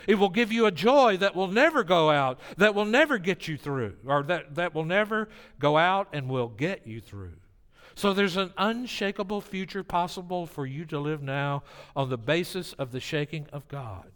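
Male preacher, somewhat high voice, dynamic sermon delivery from quiet to emphatic, long hall reverb. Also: lively intonation, normal speed.

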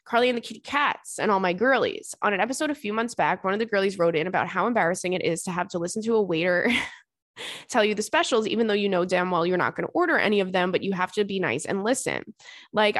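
A woman's voice: dry recording, studio quality. A young woman hosting a podcast, chatting casually and reading listener letters, acting out quotes with big leaps in her voice. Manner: animated, acts out quotes with big jumps in pitch. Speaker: podcast host.

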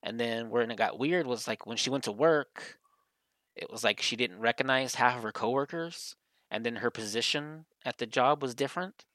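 A man's voice: mid-range voice, normal speed, a bit bright, no echo. A man co-hosting a podcast, telling a story in casual chat and filling his sentences with "like". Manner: rambling storyteller, heavy use of "like". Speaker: podcast co-host.

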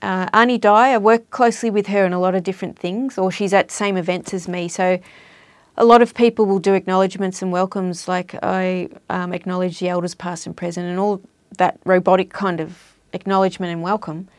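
A woman's voice: on the low side, fairly even intonation, fairly quick, dry recording. Aussie woman chatting on a podcast, explains stuff, trails off a bit, dead dry room. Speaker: guest, Aboriginal language and culture educator. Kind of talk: casual interview talk.

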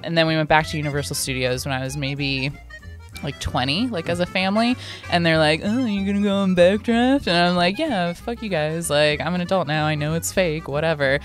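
A woman in her twenties chatting casually on a podcast, an animated storyteller who swears freely. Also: deep voice, fairly quick, soft background music. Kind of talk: casual chat.

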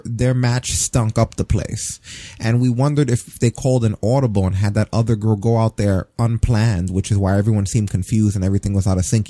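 A man's voice: lowish voice, warm tone, no room sound. A man co-hosting a casual wrestling chat, ranting bluntly and swearing freely. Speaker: podcast co-host.

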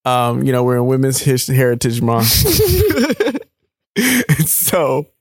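A man's voice: medium pitch, very animated, takes it slowly, slightly rough, no echo, clean studio sound. A young man from New York co-hosting a podcast, talking in a rambling, hesitant way and teasing his co-host. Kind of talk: casual chat.

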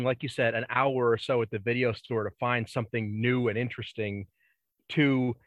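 A man in casual chat, talking in a thoughtful, measured and slightly wry way. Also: medium pitch, no echo. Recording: dry, dull lo-fi mic.

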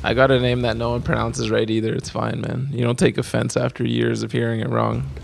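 Man, podcast co-host, relaxed, slangy, gravelly voice. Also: medium pitch, brisk. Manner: relaxed, slangy, swears casually. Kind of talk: casual chat.

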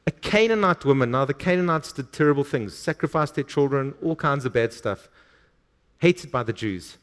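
A man's voice: medium pitch, animated, moderate pace. A male pastor preaching a sermon, reading scripture aloud and stressing words emphatically.

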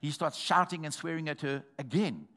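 A man preaching a sermon, telling a testimony in a storytelling way that builds to shouted exhortation. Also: fairly high pitch, moderate pace.

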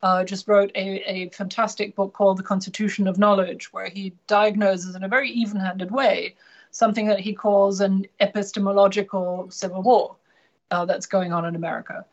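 A woman from Germany, a native German speaker, answering as an interview guest in a measured, hesitant way with frequent fillers. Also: mid-range voice, level tone, highs cut off. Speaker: guest analyst. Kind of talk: radio interview.

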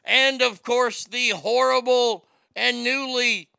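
Gravelly, profane, ranting man. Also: very high-pitched, steady tone, slow, bright, forceful tone, dry recording. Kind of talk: comedic rant reacting to news and chat.

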